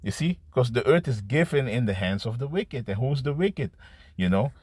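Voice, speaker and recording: A man preaching an improvised scripture sermon to camera. He talks in a halting, repetitive way, restarting words and tagging lines with "man" and "you see.". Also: medium pitch, big pitch swings, darkish tone, husky, dry recording. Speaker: street-style preacher.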